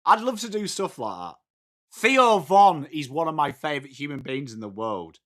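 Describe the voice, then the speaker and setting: Excitable English man hosting a watchalong. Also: a little high, moderate pace. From England. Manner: chatty and excitable, reads out viewer names. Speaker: watchalong stream host. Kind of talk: live football watchalong chat.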